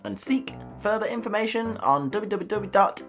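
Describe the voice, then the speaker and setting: A woman's voice: medium pitch, animated, normal speed, soft background music. A woman hosting a comedy news show, reading odd stories with giggles, swearing and jokey asides.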